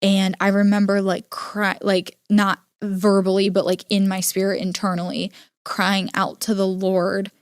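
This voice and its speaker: A young adult woman hosting a podcast, telling a personal story in an earnest, halting way with many filler words. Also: medium pitch, monotone, smooth, no room sound, clean studio sound. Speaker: podcast host. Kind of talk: personal storytelling, casual monologue.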